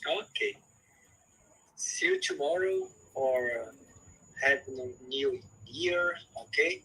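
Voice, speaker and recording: A man speaking as a psychologist guest on a live chat, talking in halting English with many repeats and restarts. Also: mid-range voice, huge pitch swings, vocal fry, pushed and bright, husky, low-quality recording.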